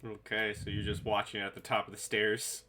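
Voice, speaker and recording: A man narrating as game master of a tabletop game, halting and full of fillers. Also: on the low side, little pitch movement, bright, forceful tone.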